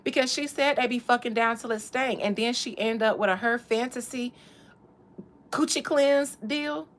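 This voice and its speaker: A woman's voice: on the high side, moderate pace. A woman hosting a podcast, chatting in a casual, profane, comedic way and laughing often. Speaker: podcast host.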